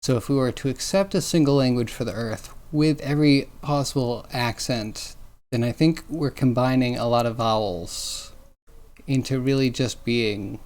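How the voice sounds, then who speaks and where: A male streamer chats casually while working on a digital sculpt, drifting from thought to thought and chuckling often. His talk is loose and musing, with many restarts along the way. His pitch sits in the middle range. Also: a little mellow.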